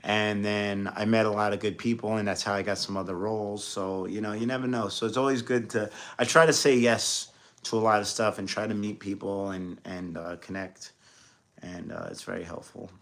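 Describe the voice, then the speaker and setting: A man's voice: fairly low pitch, steady tone, normal speed. Man, New York accent, casual interview chat, rambling storyteller, from his home studio. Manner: rambling storyteller, lots of fillers and restarts. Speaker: entertainer and actor.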